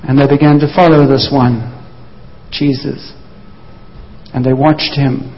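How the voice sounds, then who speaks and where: Here a man's sermon unfolds as lively storytelling, with short impersonations of the disciples. He keeps a measured pace in a mid-range voice that barely shifts in pitch, and the audio is dull with a long hall reverb.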